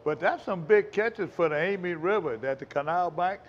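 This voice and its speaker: Man, fishing show host, rambling folksy chat, slightly high voice. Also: normal speed, highs cut off. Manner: rambling, folksy, talks with mouth full. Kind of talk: casual chat.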